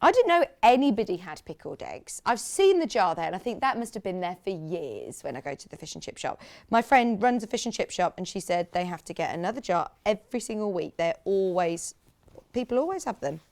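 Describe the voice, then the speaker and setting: A woman's voice: mid-range voice, sing-song, a little fast, a little mellow. A woman from the UK presenting sewing products on a live TV shopping channel, chatting with enthusiasm and gushing over fabrics. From United Kingdom. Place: TV studio.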